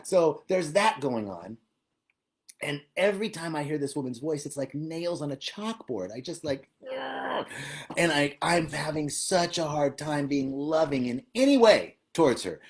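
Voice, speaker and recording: A man leading a live-streamed spiritual talk, moving from quiet reflection to loud, laughing emphasis. His voice swings widely in pitch and volume, and he greets viewers as he goes. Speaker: spiritual teacher.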